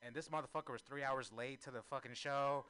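A man doing a crude, self-mocking stand-up comedy set on a club stage, breaking into loud shouts. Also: medium pitch, steady tone, fairly quick, clean tone.

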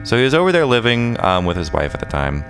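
A man's voice: lowish voice, big pitch swings, fast, noisy background. A man chatting casually as a radio guest, rambling with many fillers and restarts, joking and laughing at his own stories. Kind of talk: casual chat.

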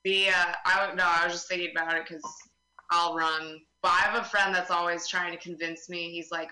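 A young woman doing a stand-up comedy set, deadpan and self-mocking, acting out the voices of people in her stories. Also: lowish voice, fairly quick. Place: comedy open mic venue. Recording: roomy live venue sound.

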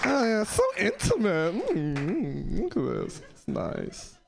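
A man's voice: high voice, wildly swooping pitch, measured pace, gravelly, a little hiss or hum. A man opening a stand-up set with playful, self-mocking crowd work. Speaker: stand-up comedian. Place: comedy club with a live audience.

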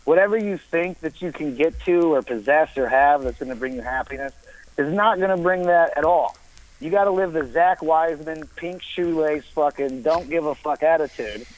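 A man's voice: fairly high pitch, moderate pace, rough recording. A man in his thirties, a stand-up comedian, rambling and swearing as he philosophizes about life in casual chat. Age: 30s.

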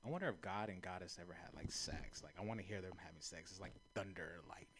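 A young man doing a stand-up comedy set, profane and rambling, laughing at his own jokes and saying he is high. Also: fast talker, background noise. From Native American heritage. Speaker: stand-up comic.

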